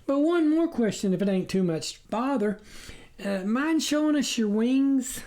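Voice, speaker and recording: Guy putting on a high squeaky country farm wife, chirpy and eager to feed you. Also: expressive, unhurried, darkish tone. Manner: high chirpy rural drawl. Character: folksy, hospitable farm wife.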